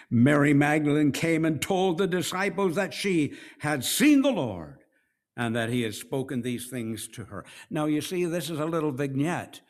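A middle-aged man preaching a sermon, slow and deliberate, swinging between hushed and raised passages. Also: a little high. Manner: slow, with dramatic swings between soft and loud.

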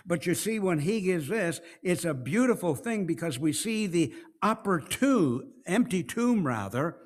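A middle-aged man preaching a sermon, slow and deliberate, swinging between hushed and raised passages. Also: high voice, sing-song. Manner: slow, with dramatic swings between soft and loud.

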